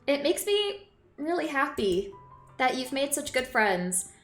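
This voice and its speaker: A woman voicing a gentle, anxious teenage girl in a game, reading her lines softly and earnestly. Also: high-pitched, very animated, a little slow, roomy sound, faint music behind, exaggerated voice. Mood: sad.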